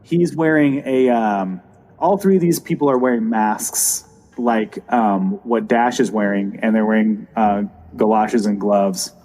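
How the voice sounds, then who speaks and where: A man narrating a tabletop game as dungeon master, describing scenes with fillers and pauses. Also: mellow, rough recording. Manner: describes scenes with fillers, drops to a low voice for villains.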